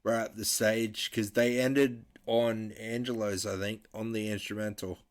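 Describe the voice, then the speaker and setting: A man telling stories in a relaxed, casual podcast chat, swearing freely. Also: on the low side, a little slow. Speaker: podcast guest.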